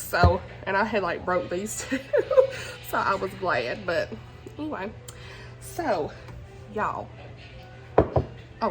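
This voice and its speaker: A woman with a mid-pitched voice talks casually to her viewers, chatty and quick to giggle. Faint music plays behind her. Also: rough recording. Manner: chatty, giggly, often says y'all. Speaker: book vlogger. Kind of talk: casual chat.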